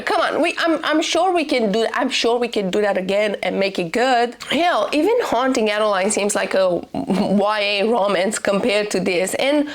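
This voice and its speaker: A woman's voice: a little high, slight background noise. A young woman book vlogger ranting casually to camera, swearing and incredulous.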